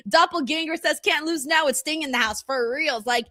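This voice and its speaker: A woman in her thirties chatting casually on a live stream, excitably reading viewer comments aloud and swearing freely. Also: high-pitched, unhurried, few pauses, dry recording, clean studio sound. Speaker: streamer hosting a watch-along.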